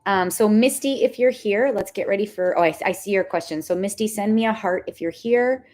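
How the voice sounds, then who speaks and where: A young woman reading tarot on a livestream, chatting casually with viewers. She is excitable and says "like" a lot. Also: medium pitch, brisk. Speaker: tarot reader hosting a livestream.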